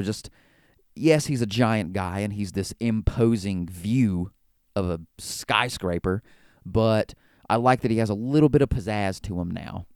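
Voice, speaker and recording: Chatty man with a low, smooth voice. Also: a little mellow, no echo, studio quality. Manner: chatty and joking, with frequent stammered repeats. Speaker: podcast host. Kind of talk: casual wrestling recap commentary.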